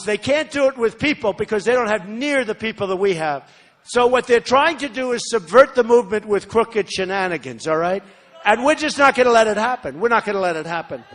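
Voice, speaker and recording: An older man delivers a campaign rally speech in a voice that sits fairly high for a man. He hammers points home by repeating phrases and breaks off into chatty asides to the crowd. His speaking stays conversational even as he drives his points hard. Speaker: political candidate. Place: large rally venue.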